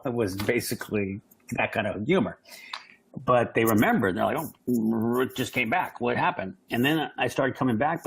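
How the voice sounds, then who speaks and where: A man's voice: medium pitch, slight background noise, low-quality recording. A man telling stories in an interview, acting out the voices of people he quotes. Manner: animated, acts out quoted voices. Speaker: guest. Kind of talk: storytelling interview.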